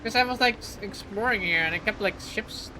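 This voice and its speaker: A woman's voice: medium pitch, a little fast, noisy background. A young adult woman streaming a game live, chatting casually and playfully with lots of "like" fillers. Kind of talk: casual live gameplay chat.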